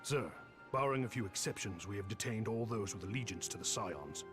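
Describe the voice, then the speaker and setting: An actor voicing a stern soldier in a video game, reporting in a clipped military way. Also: male voice, lowish voice, lively intonation, brisk, close to an everyday voice. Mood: dutiful. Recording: loud game music behind.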